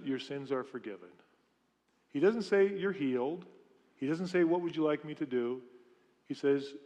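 A man preaching a conversational sermon in a church. His voice sits a little high for a man, and his stories and questions to the congregation carry a long reverb through the sanctuary. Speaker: pastor.

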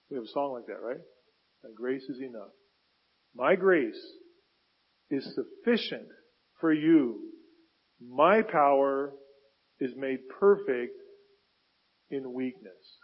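Husky-voiced male pastor preaching. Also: mid-range voice, muffled recording. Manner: swings from loud pleading to quiet reflective asides. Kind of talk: sermon.

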